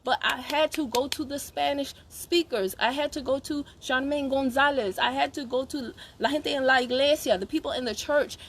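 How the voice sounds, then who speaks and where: A woman's voice: high voice, normal speed, hardly any pauses, a bit bright. A woman from Georgia gives an emphatic, chatty motivational talk to her sales team on a live stream. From Savannah, Georgia, USA. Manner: emphatic, repetitive, chatty with asides to viewers. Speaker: network marketing seller coaching her team.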